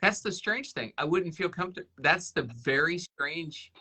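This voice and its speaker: A man's voice: a little high, lively intonation, normal speed, bright, forceful tone, slightly rough. A man hosting a radio show, chatting casually with his twin brother in a playful, joking way.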